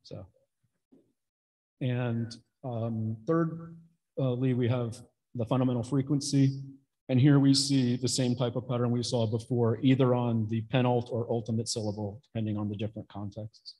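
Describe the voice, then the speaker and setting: A man presenting research at an academic conference, explaining his findings in a measured way with pauses between points. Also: mid-range voice, steady tone, dark tone, low-quality recording.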